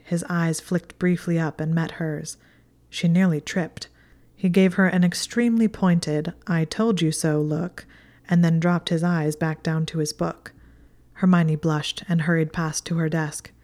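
A woman reading a chapter of fan fiction aloud in a calm, steady narration. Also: deep voice. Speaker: audiobook reader. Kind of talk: scripted narration.

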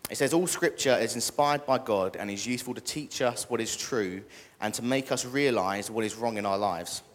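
Chatty young British preacher, echoey hall. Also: male voice, medium pitch, normal speed. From Britain. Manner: chatty, joking with the congregation. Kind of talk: casual church sermon.

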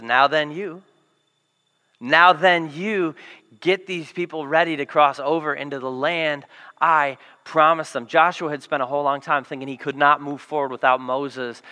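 A man preaching a sermon to a congregation, telling the story in a lively, jokey way and acting out the quotes. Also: fairly high pitch, in a large hall. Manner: animated, jokey storytelling with acted quotes and yelled lines. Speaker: pastor.

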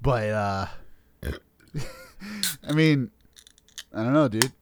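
A man's voice: mid-range voice, takes it slowly, noisy background. A man hosting a podcast in casual chat, swearing freely and laughing easily as he talks. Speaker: podcast host.

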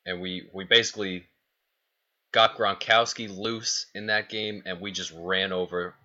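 A man's voice: deep voice, fairly even intonation, unhurried, bright, forceful tone. A man co-hosting a sports podcast in casual, opinionated chat, running through team stats. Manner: chatty, opinionated, rattles off stats. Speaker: podcast co-host. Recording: dull lo-fi podcast audio.

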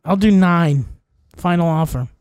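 A man's voice: fairly high pitch, measured pace, a little mellow, clear, resonant tone, lightly acted. A man improvising an irritated dad who bluntly makes demands of a fair manager. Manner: blunt, impatient, making demands. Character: irritated dad customer making a shady deal. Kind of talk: improvised comedy bit.

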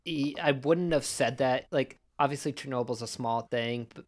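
A man's voice: medium pitch, normal speed. A man co-hosting a casual film review podcast, speaking in a wry, offhand way. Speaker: podcast co-host.

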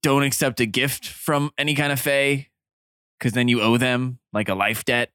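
A man acts as game master for a group of players, explaining the rules of the world in a loose, halting way. His voice is bright and clear. The sound is close and dry. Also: medium pitch, flat delivery, dry recording. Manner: loose and hesitant, many fillers.

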